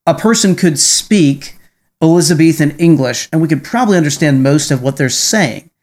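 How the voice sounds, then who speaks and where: A man hosting a podcast talks in loose, casual chat. He rambles, restarts his sentences and keeps tagging on quick questions. His voice sits slightly higher than most men's. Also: lively intonation, darkish tone. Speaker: podcast host.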